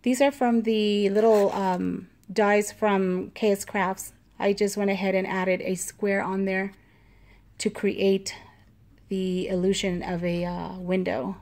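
A woman vlogger casually showing her handmade craft pieces, talking unhurriedly with frequent ums and pauses and gushing over the small details. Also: medium pitch, little pitch movement, a little mellow. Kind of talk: casual show-and-tell.

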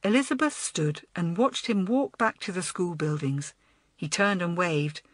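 A woman narrating a children's audiobook in an expressive, storytelling manner. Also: on the low side, measured pace, no echo.

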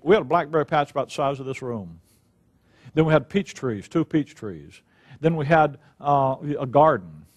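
An older man delivers a sermon in a high-pitched voice. He reads scripture slowly, stressing each word. Between verses he wanders into relaxed, folksy stories. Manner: slow emphatic scripture reading, folksy asides. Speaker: Bible teacher.

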